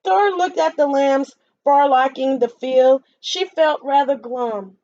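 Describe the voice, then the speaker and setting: A woman's voice: high voice, measured pace, warm tone, no room sound. A woman reading a picture book aloud to children, stopping to explain words and ask questions. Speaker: storytime reader for children. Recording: dull lo-fi dry recording.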